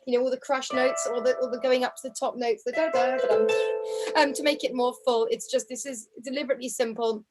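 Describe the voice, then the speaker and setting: A woman's voice: sits high, fairly even intonation, a little fast, over loud music, poor audio. A woman teaching a harp group over a video call, counting beats aloud and humming the tunes. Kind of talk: online group music lesson. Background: harp playing.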